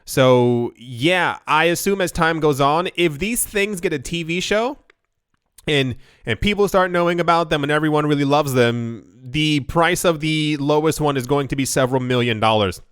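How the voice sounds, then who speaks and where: A man's voice: on the high side, normal speed, a bit bright, clear, resonant tone, dry recording, clean studio sound. A man hosting a casual crypto news video, rambling into asides and self-deprecating jokes.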